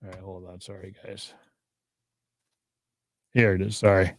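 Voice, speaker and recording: A man hosting a live podcast, talking casually and excitedly, with many fillers and restarts. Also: deep voice, unhurried, a little hiss or hum. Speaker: podcast host.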